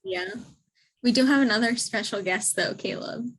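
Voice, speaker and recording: A woman's voice: a little high, sing-song, moderate pace, gravelly, a bit bright, low-quality recording. A middle-aged woman guesting on a podcast over a video call, casually giving instructions in a bossy, coaching way and laughing often. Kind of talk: casual chat.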